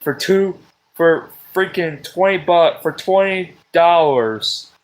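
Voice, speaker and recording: Man, live-stream rant, slow, highish voice, exasperated, swearing. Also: rough recording. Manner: exasperated, swears often, with loud outbursts. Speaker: livestream host. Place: at a table at home.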